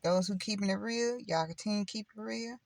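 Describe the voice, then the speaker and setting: A woman's voice: medium pitch, brisk, creaky, a little mellow, dry recording. A middle-aged woman chatting casually on her channel in a blunt, preachy, rambling way. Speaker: spiritual vlogger. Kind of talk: casual direct-to-camera chat.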